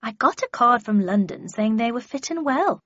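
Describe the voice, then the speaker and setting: A woman voicing an indignant middle-aged mother who shouts in outrage at the damage to her garden. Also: expressive, moderate pace, dry recording, dull audio. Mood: chatty. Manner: shrill, outraged exclamations.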